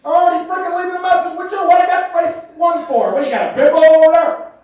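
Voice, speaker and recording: A man voicing a cranky, paranoid old uncle who shouts and scolds in a high strained voice. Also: a little fast, dull audio. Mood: exasperated. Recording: echoey club from far off.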